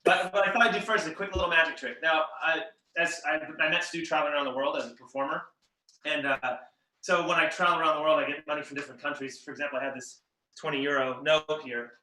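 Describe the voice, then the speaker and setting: A man's voice: on the high side, fairly even intonation, fast, bright, forceful tone. A man appearing as a magician guest on a video call from home, chatting easily and talking through a trick with plenty of fillers. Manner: easygoing, chatty, with many fillers. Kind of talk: casual chat with magic patter. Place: home in a room with echo. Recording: roomy echo, distant from mic.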